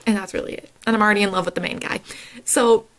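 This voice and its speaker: A woman's voice: mid-range voice, fairly even intonation, quick pace, fairly bright tone, low-quality recording. A woman chatting casually to camera in a book vlog, rambling and laughing often, recorded at home. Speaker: book vlogger.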